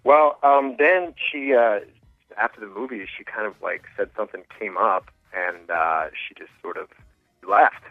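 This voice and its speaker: Male caller, hesitant and stumbling, lowish voice, thin dry phone line. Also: normal speed, no echo, faint music behind. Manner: hesitant, many ums and restarts. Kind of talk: phone call into a radio show.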